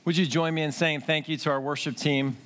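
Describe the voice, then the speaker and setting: A man preaching as pastor at a church service, earnest and measured, with occasional hesitant fillers. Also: fairly high pitch, fairly even intonation, background noise. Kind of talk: sermon.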